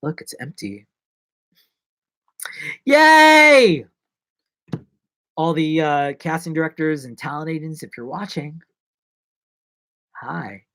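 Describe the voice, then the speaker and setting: A young adult man who acts and vlogs chats casually on a live stream, joking and rambling as he jumps between loud bursts and low mumbles. He talks at a moderate pace, and there's no echo.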